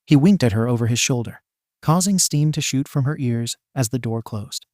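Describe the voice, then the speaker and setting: A man reading a fan fiction story aloud as narrator, with a steady, even delivery. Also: mid-range voice, normal speed, no echo, studio quality.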